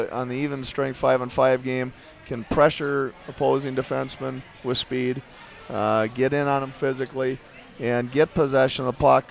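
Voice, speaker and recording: A man coaching a hockey team, answering interview questions in a halting way with many fillers and dry jokes, in a restaurant. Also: medium pitch, vocal fry. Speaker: head coach.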